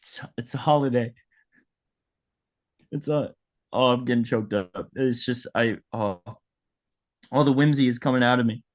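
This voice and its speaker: A man doing a dead hot dog vendor who takes offense at everything and rambles through a tearful, self-pitying story. His voice sits at an ordinary middle pitch, in the loose, improvised manner of a comedy role-play. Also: moderate pace, pauses often, close to an everyday voice. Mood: melodramatic. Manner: touchy, rambling, melodramatic.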